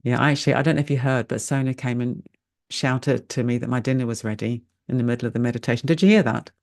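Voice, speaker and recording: An older woman with a very deep, level voice talks fast, her tone a little mellow. A meditation teacher, she's wrapping up a live online session over a video call, chatting casually, laughing easily, and poking fun at herself.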